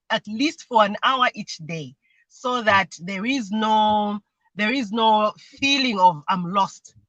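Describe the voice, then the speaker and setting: A woman's voice: mid-range voice, sharp tone, no room sound, lo-fi sound. A woman speaking earnestly as a mentee on a livestream, explaining her family routines and sometimes imitating voices when she quotes people. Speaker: mentee sharing her experience. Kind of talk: livestream conversation. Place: remote video call.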